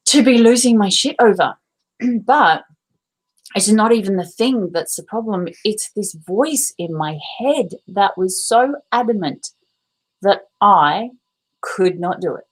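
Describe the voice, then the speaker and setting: A woman talking candidly and confessionally in a casual live vlog, swearing now and then and clearing her throat often. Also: medium pitch, animated, a little slow, poor audio. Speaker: vlogger. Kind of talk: casual live-stream monologue.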